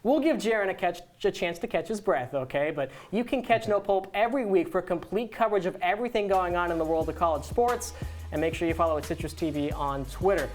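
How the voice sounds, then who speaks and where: Young female co-host, studio sports show, low voice, dry playful banter, faint music. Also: fairly quick, a little mellow. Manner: wry, playful contrarian banter. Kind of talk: student sports talk show.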